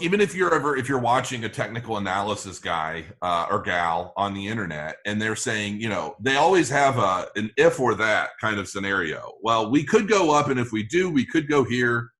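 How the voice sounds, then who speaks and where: A man with a bright, forceful voice, giving a loose and rambling answer as an interview guest. He restarts his sentences often and leans on fillers while he works through his point. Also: fairly low pitch. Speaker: crypto channel guest. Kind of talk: conversational interview.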